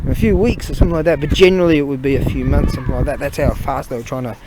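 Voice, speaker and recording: A man retelling a story while out on a cold walk, halting and swearing as he loses his train of thought. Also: mid-range voice. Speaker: vlogger. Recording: loud wind noise on outdoor mic.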